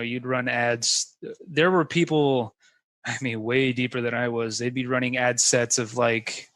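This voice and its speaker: A man's voice: medium pitch, a bit bright, no room sound, rough recording. A man, a guest, telling a story in casual conversation, rambling with lots of fillers.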